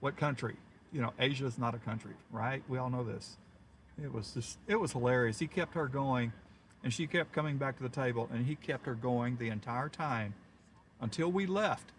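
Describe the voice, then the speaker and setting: Man, mid-pitched, loose rambling storyteller on a live chase stream, faint hum behind. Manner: chatty, rambling storyteller who chuckles often. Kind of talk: casual live-stream chat.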